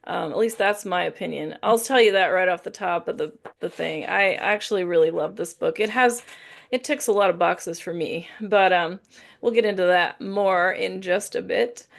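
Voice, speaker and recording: A woman's voice: lowish voice, moderate pace, vocal fry. A woman from Indiana co-hosting a book podcast, chatting casually in a rambling, self-correcting way. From Indiana, USA. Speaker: podcast co-host. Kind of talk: casual book-review chat.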